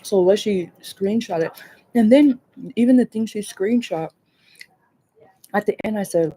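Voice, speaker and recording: A woman hosting a casual livestream chat, rambling and animated, swearing freely and laughing often. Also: medium pitch, measured pace, long pauses, breathy edge. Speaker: livestream host.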